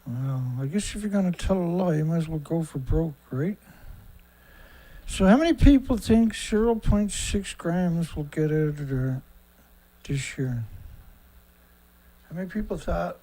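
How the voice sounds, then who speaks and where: A man's voice: a little high, lively intonation, a little slow, mellow. Blunt, sarcastic middle-aged man host. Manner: rambling with frequent fillers and asides. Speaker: host of a daily news livestream. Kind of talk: casual livestream commentary.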